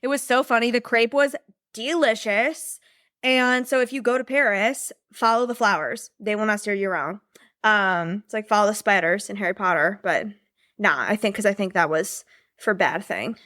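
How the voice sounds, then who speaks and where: A woman's voice: medium pitch, normal speed, pushed and bright, dry recording, clean studio sound. A young woman chatting casually and rambling about a trip, with lots of fillers and laughter. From United States. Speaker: podcast host and business mentor. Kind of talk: casual chat.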